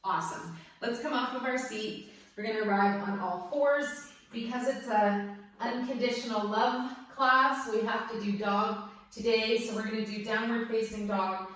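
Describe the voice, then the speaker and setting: A woman teaching a guided yoga class, cueing breaths and poses gently and cheerfully, often laughing. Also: a little high, steady tone, normal speed. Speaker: yoga instructor. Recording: very echoey room, mic far off.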